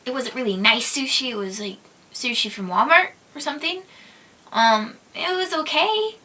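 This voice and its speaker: A young woman from Minnesota hosts her own vlog, chatting casually through viewer questions. Her voice is bright and sits a little high. She is giggly and hesitant, full of ums and restarts. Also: expressive, moderate pace. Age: young adult. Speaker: vlog host. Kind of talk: casual chat.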